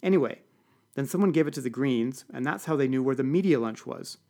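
A man voicing a sharp, condescending female diplomat who speaks in a cool, clipped way. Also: medium pitch, animated, brisk, lightly acted. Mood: persuasive.

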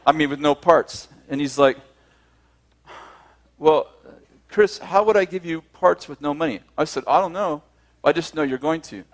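A man with a voice a touch above the usual pitch tells a story to a group of listeners. He acts out every line of dialogue with lively, chuckling energy. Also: moderate pace, long pauses. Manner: acts out both sides of conversations, often laughing. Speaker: speaker telling a personal story.

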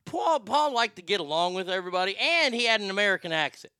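A man delivers a sarcastic, profane comedic rant as a talk show host. His voice sits high and bright with a crisp, smooth tone. The sound is dry and close, with no room around it. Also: sing-song, fast talker, no room sound. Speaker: podcast host. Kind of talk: ranting comedic commentary.

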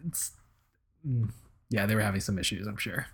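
A man's voice: lowish voice, moderate pace, fairly bright tone, slightly rough. A man co-hosting a podcast in a laid-back, dry, somewhat hesitant casual chat. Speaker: podcast co-host.

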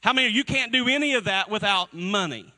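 A male pastor preaching a sermon to a congregation in a church, energetic and calling for responses from the crowd. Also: high-pitched, fast talker, rough recording.

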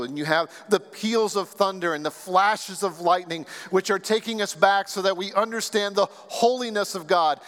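A man preaching a sermon as pastor, speaking earnestly and deliberately and leaning on repeated phrases. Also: sits high, fairly bright tone. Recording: long reverb of a large hall.

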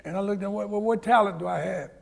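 An older man tells stories as a guest on an auditorium stage and gives the people in his stories their own voices. His voice sits high and carries a gravelly edge. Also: very fast. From Harlem, New York. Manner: vivid anecdotal storyteller, acts out the people in his stories. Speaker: guest, former Olympic sprinter. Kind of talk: storytelling on stage. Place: large auditorium, live event.

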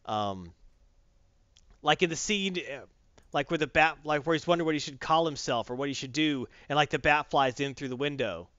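A man in casual chat, retelling a comic story in a rambling, animated way with lots of fillers. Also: on the high side, normal speed, clean tone, no room sound, lo-fi sound.

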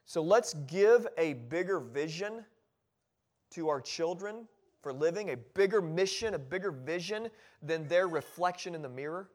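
High-voiced male pastor preaching emphatically. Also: animated, measured pace. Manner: emphatic preaching with repeated short exhortations. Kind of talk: sermon. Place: church sanctuary.

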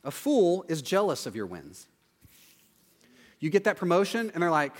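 Chatty preacher with a fairly high voice. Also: male voice, moderate pace, pauses often, in a large hall. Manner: chatty, animated, tags lines with "right?". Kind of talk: casual conversational sermon.

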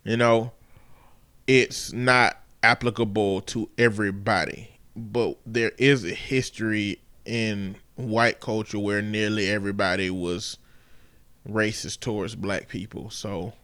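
A man co-hosting a podcast, talking in a measured way and joking dryly. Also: lowish voice, steady tone, fairly bright tone, clean tone, no room sound. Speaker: podcast co-host. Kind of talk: casual chat.

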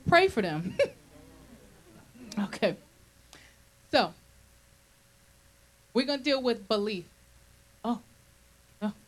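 A woman's voice: fairly high pitch, sing-song, takes it slowly, long pauses, rough recording. A woman minister leading a Bible study, preaching conversationally and often checking in with her listeners.

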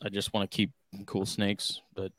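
A man's voice: fairly low pitch, completely flat delivery, normal speed, fairly bright tone, no echo. A man co-hosting a podcast in casual chat, talking bluntly with a lot of filler words. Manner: blunt, sweary, lots of "like" fillers. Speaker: podcast co-host.

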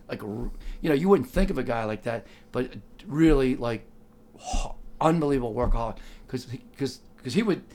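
A man's voice: medium pitch, darkish tone. Rambling older man telling a story. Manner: rambling, full of "like" and "you know", acts out quoted voices. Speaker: storyteller recalling working as a driver. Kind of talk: casual anecdote.

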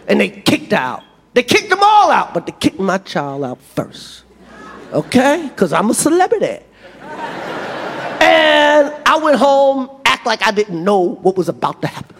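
A middle-aged man performing a profane, animated stand-up routine and acting out other people's voices. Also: high voice, normal speed, a little hiss or hum. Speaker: stand-up comedian. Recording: long reverb of a large venue, faint ambience.

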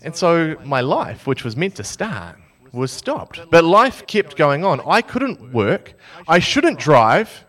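A young man from New Zealand preaching a sermon as a lively, self-mocking story. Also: fairly high pitch, slow, few pauses.

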